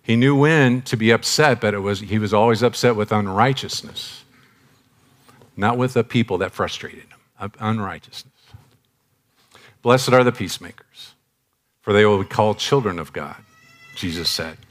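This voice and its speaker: A man in his sixties giving a sermon, confessional and direct, moving from loud emphatic bursts to soft hushed phrases and repeating key lines. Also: fairly low pitch, moderate pace, long pauses. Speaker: preacher.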